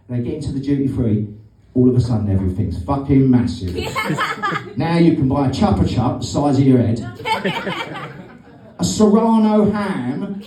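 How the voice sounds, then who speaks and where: Heard from a distance in a roomy club space, this middle-aged Briton delivers sardonic, sweary, meandering stand-up comedy. His voice is mid-range with lively intonation and a moderate pace, and a crowd can be heard behind him.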